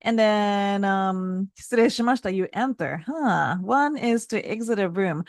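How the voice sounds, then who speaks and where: A woman's voice: normal speed, no room sound. Woman teaching, dry sound. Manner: models phrases with lively pitch jumps, laughs lightly. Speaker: Japanese language teacher. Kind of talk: casual spoken lesson.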